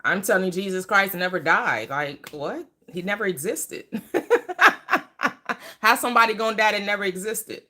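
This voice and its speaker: Woman streamer, bright-toned, blunt, laughs often, casual. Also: medium pitch, a little fast, hardly any pauses. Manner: blunt, laughing, talks back to chat. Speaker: live stream host. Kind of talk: casual live chat.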